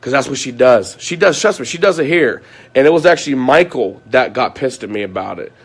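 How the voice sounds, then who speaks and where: A man at an ordinary middle pitch airs a grievance straight to camera. He repeats himself, stumbles over restarts, and drops curses as he builds his case. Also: lively intonation, fairly quick, slightly rough. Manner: aggrieved, repetitive, swears often. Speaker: vlogger. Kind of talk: ranting monologue to viewers.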